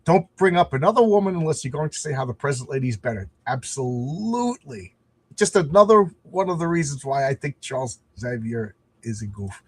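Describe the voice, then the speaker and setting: Male livestream host, husky, rambling and self-deprecating, casual chat. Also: mid-range voice, expressive, brisk. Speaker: comic book creator and livestream host.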